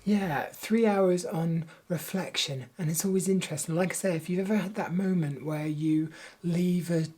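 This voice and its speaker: A man's voice: a little high, moderate pace, a little mellow, husky. Guy, casual home vlog, upbeat, rambling with ums. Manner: chatty, upbeat, many filler ums. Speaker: vlogger and workplace trainer.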